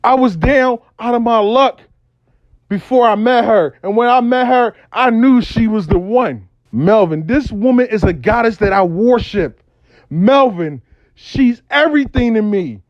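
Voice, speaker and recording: A man's voice: very high voice, expressive, unhurried, dry recording, lo-fi sound, pitched above the performer's own voice. A man voicing a lovesick, obsessive man who pleads and pours out his devotion to a woman. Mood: adoring. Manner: pleading, worshipful, rising intensity.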